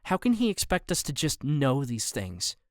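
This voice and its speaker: A man's voice: mid-range voice, huge pitch swings, moderate pace, no room sound, clean studio sound. A man voicing a scornful teenage girl student in an audiobook, sulky and dismissive.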